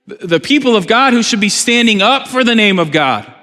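A man's voice: sits high, expressive, brisk, pushed and bright. A man preaching a sermon, reading scripture aloud and then explaining it with earnest questions. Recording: reverberant hall.

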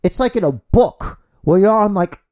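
A man's voice: high-pitched, lively intonation, moderate pace, darkish tone. A man co-hosting a podcast in casual, rambling chat, swearing freely and acting out scenes as he tells them. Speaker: podcast co-host.

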